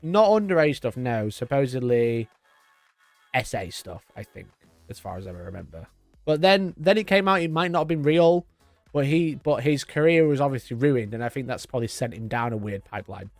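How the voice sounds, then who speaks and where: A man's voice: mid-range voice, very animated, normal speed, dry recording, faint music behind. A man in his twenties hosting a live stream, chatting in a rambling, sweary way and laughing often. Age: 20s. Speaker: livestream host. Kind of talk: casual live-stream chat.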